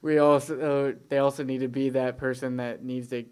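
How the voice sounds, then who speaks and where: A man's voice: medium pitch, level tone, brisk, smooth. A young man talking bluntly and jokingly as a guest on a podcast.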